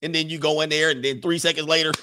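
A man's voice: fairly high pitch, little pitch movement, fast, background noise. A middle-aged man, a streamer and coach, chatting loosely and laughing as he reads viewer comments. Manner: loose, laughing, slangy storytelling. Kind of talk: casual livestream chat reading comments.

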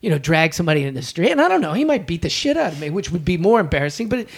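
Animated man telling a profane story. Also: rapid-fire, breathy edge. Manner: animated, profane storytelling with big swings in pitch. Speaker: comedian podcast guest. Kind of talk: casual chat.

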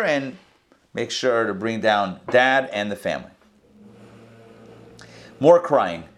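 A man teaching a scripture lesson verse by verse, in a conversational way with quick asides and restarts. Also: medium pitch, a bit bright. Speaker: Torah teacher. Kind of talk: casual verse-by-verse Bible lesson.

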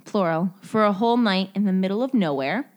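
A young woman co-hosts a podcast in loose, casual chat and keeps dropping "like" as she talks. Her pitch is ordinary for a woman. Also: a little fast, darkish tone. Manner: chatty, uses lots of fillers. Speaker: podcast co-host. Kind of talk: casual chat, running a game segment.

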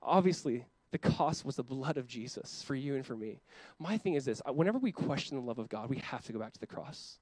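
A young adult man preaching a sermon as pastor, impassioned and often voicing God in quick quoted asides. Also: medium pitch, animated, darkish tone, no echo.

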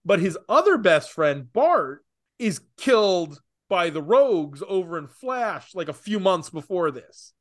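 A man co-hosting a casual podcast, talking opinionatedly with rapid asides. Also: high voice, very animated. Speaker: podcast co-host. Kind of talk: casual comics podcast chat.

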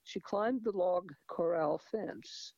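A man's voice: sits high, takes it slowly, vocal fry, a little mellow, no room sound. A man reading a novel aloud in a hesitant manner, with restarts and asides. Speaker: reader. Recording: dull lo-fi recording.

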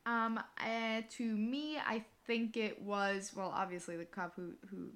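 A woman's voice: medium pitch, steady tone, measured pace, fairly bright tone. A woman on a podcast, talking casually and searching for her words. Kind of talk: casual chat.

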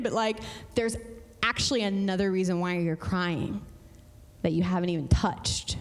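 Female pastor, mid-pitched, emphatic church sermon with long hall reverb. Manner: conversational, emphatic, swings between fast and slow. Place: church sanctuary.

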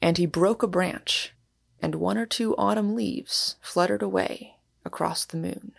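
Gravelly woman reading aloud. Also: medium pitch. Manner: measured, storytelling. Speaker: podcast host and reader. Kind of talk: audiobook narration.

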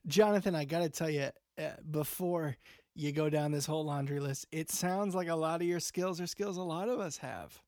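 A man's voice: fairly high pitch, moderate pace, darkish tone, dry recording, studio quality. A man hosting an improvised comedy call-in show, talking in a rambling, earnest way that sometimes drops to near whispers. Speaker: talk show host.

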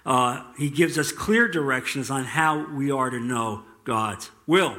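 A man preaching a sermon as pastor, reading scripture aloud slowly and earnestly. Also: mid-range voice, bright, forceful tone.

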